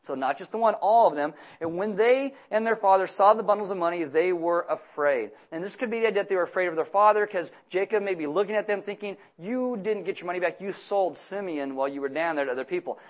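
A middle-aged man preaching a sermon with humorous asides, telling jokey stories and breaking into loud, emphatic outbursts. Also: high-pitched, lively intonation, quick pace. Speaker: pastor.

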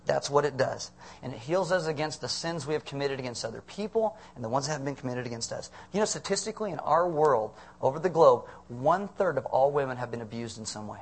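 A man's voice: mid-range voice, lively intonation, fast talker, breathy edge. A middle-aged man preaching a conversational sermon as pastor, asking the congregation questions.

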